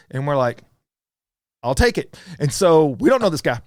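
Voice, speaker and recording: A man's voice: on the high side, normal speed, no room sound, studio quality. A middle-aged man with a Southern US accent, a podcast guest telling a story with animation and acting out the voices of others. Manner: animated, acts out voices of friends and strangers. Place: podcast studio.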